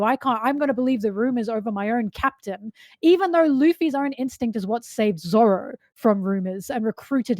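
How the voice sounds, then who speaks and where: Animated, laughing woman fan. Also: a little high, no room sound, clean studio sound. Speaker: podcast co-host. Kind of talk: casual fan chat.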